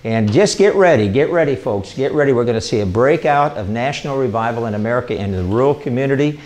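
Older male evangelist, excitable, rambling, informal sermon talk, mid-pitched voice. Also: fast talker. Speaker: evangelist hosting a ministry show.

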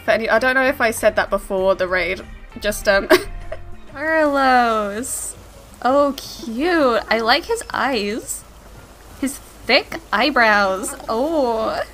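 A woman's voice: on the high side, lively intonation, takes it slowly, fairly bright tone, faint music behind. A woman streaming games live, chatting casually, giggling often and yelping when startled. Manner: giggly, rambling, easily startled.

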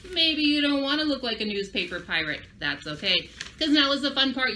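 A woman's voice: fairly high pitch, bright, forceful tone, slight background noise. A woman librarian giving a children's craft and story lesson, upbeat and speaking directly to young kids.

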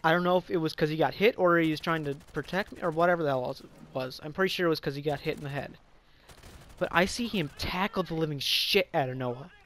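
A man's voice: fairly high pitch, fast, fairly bright tone, a little hiss or hum. A young man telling a casual story, rambling and profane with lots of fillers.

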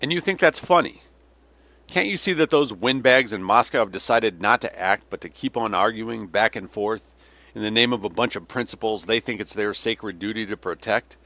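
A man's voice: fairly low pitch, moderate pace, sharp tone, dry recording, voice pushed up. A man voicing a weary, cynical older male Russian general who delivers sardonic, bitter tirades.

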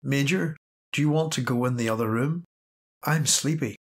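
A man's voice: medium pitch, normal speed, breathy edge. A man voicing a weary, blunt woman soldier in a wartime audiobook. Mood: sleepy.

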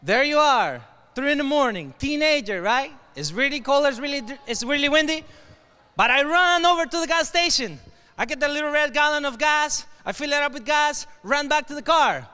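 A man with a Mexican Spanish accent, telling an animated story in a keynote speech, asking the crowd questions and slipping into Spanish. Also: very high voice, normal speed. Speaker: motivational keynote speaker. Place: large hall with an audience. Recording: long hall reverb.

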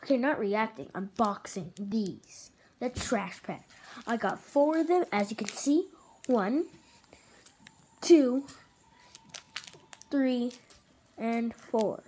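Woman vlogger, unhurried delivery, casual unboxing chatter, slips into whispers now and then. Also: on the high side, animated, warm tone, slight background noise. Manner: chatty, rates each item aloud, drops into whispers at times.

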